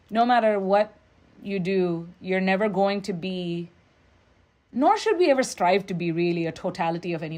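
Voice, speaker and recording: Nigeria-raised woman musician, guest on an interview, mid pitch, thoughtful, storytelling. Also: a little mellow. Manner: reflective, storytelling, quoting others in quick asides. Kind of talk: interview conversation.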